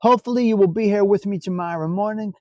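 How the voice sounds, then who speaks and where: A man's voice: high-pitched, fast, a little mellow, no room sound. A middle-aged man hosting a casual live stream, bantering loosely and profanely with viewers in the chat.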